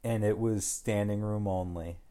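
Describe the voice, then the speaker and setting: A man's voice: lowish voice, fairly even intonation, measured pace, warm tone. Dry-joking man in a casual chat.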